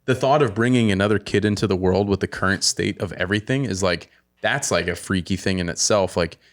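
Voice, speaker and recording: A man in his thirties hosting a podcast, chatting casually with excited, rambling storytelling. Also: deep voice, brisk. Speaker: podcast host. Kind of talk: casual chat.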